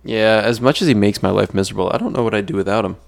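A man's voice: fairly low pitch, rapid-fire, creaky. A man co-hosting a podcast in laid-back, joking chat. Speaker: podcast co-host. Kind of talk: casual chat.

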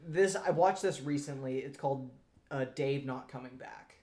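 A young man co-hosting a casual film podcast, rambling through stories with lots of fillers and trailing off quietly. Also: mid-range voice, moderate pace, roomy sound. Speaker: podcast co-host. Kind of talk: casual chat.

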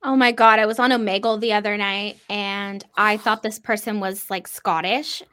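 A woman co-hosting a casual chat, joking and quick to laugh. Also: medium pitch, steady tone, bright, forceful tone, clear, resonant tone.

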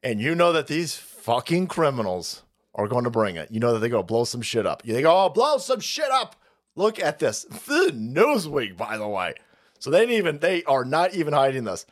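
A man hosting a livestream, ranting about politics in a profane, animated way with frequent laughter. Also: mid-range voice, normal speed. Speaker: livestream host.

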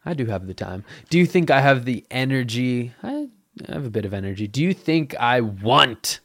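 A man's voice: mid-range voice, animated, normal speed, no room sound, clean studio sound. A man hosting his own podcast in a crude, giddy, rambling, self-mocking monologue into his microphone. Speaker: podcast host.

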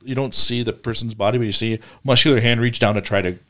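A man running a tabletop game as game master, narrating in a relaxed, conversational way. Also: mid-range voice, quick pace.

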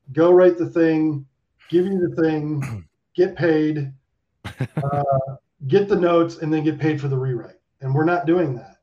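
Man, casual chat, swears a lot, lots of fillers, slightly high voice, dull lo-fi audio. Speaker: animation director, guest. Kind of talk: casual chat, video call.

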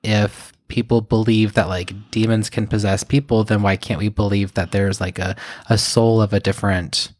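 A man's voice: on the low side, level tone, no room sound, studio quality. A man co-hosting a podcast, rambling through casual chat with lots of fillers and reading posts aloud. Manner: rambling, filler-heavy, slow and musing. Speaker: podcast co-host.

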